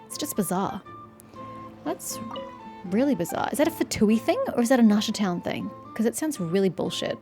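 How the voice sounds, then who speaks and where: A woman's voice: mid-range voice, lively intonation, normal speed, dark tone, faint music behind. Wry woman narrating her gameplay. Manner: wry, offhand. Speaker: gaming streamer. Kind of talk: casual gameplay commentary.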